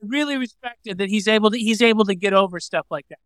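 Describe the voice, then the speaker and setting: A man who is a comedian, recalling a friend in casual chat with wry, deadpan humor. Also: high-pitched, fast, clear, resonant tone, no room sound. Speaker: comedian guest.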